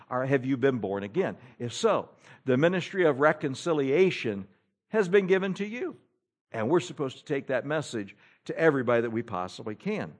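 Emphatic male preacher with a lively voice. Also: on the high side, moderate pace. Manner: emphatic, rising and falling between loud exhortation and pleading hush; reads scripture in old-fashioned cadence. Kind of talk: sermon.

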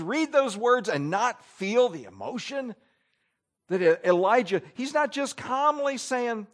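A high-pitched man preaches a sermon emphatically, swinging between loud declarations and hushed asides.

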